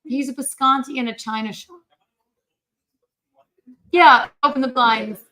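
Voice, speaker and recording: A woman's voice: high-pitched, steady tone, measured pace, bright, forceful tone, poor audio. A woman hosting a casual livestream while she cooks, chatty and brash, gossiping and swearing freely. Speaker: livestream host.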